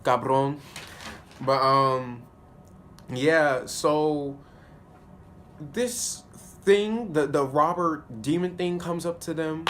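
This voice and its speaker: Animated slangy man recapping an episode. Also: on the high side, very slow, pauses often, slight background noise. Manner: animated, slangy, laughs often. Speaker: TV show reviewer. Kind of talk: casual spoken episode review.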